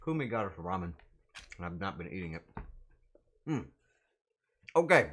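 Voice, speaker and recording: A man's voice: low voice, big pitch swings, moderate pace, a bit bright, husky. A young adult man chatting casually on a livestream, joking in mock outrage and swearing freely. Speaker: streamer.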